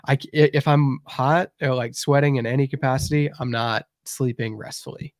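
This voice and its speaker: A man hosting a casual podcast interview, relaxed, with frequent restarts. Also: mid-range voice, moderate pace, dry recording, studio quality. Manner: relaxed, stammers and restarts often. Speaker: podcast host.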